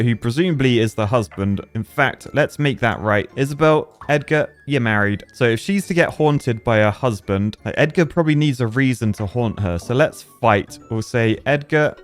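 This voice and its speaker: A young man, chatting and laughing as he plays through a puzzle game. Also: medium pitch. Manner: chatty, laughing, jumps into silly character voices. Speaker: gaming youtuber. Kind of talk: playful let's-play commentary.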